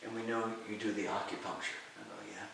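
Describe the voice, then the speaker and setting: A middle-aged man telling lively stories in an interview, acting out the voices of people he quotes and laughing often. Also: on the low side, quick pace. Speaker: interview guest, martial arts and healing teacher. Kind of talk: storytelling in a conversational interview. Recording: echoey room, far from the mic, faint hiss.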